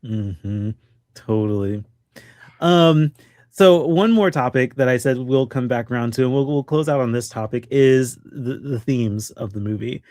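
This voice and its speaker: A man hosts a relaxed film podcast, feeling his way through each point with plenty of fillers and false starts. His voice sits at an ordinary middle pitch, and the sound is dry with no room echo. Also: a little slow. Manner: hesitant, many ums and restarts. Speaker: podcast host. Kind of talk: casual film discussion.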